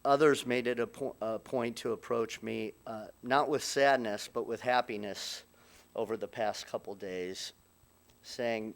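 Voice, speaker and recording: A middle-aged man giving a eulogy for his mother at a funeral, speaking haltingly with many restarts and pauses, at times choked up. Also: medium pitch, fairly even intonation. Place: funeral chapel.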